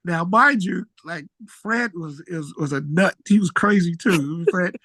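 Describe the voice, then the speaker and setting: A man's voice: measured pace, no room sound. A middle-aged man, a musician, telling stories casually in an interview, acting out what people said with big jumps in his voice. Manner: animated storyteller, acts out quotes with big pitch jumps.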